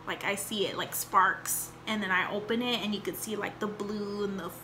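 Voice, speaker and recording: A woman's voice: mid-range voice, steady tone, normal speed, noisy background. A young woman telling a rambling story and chatting in a casual home vlog, with lots of fillers and acted-out quotes. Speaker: vlogger.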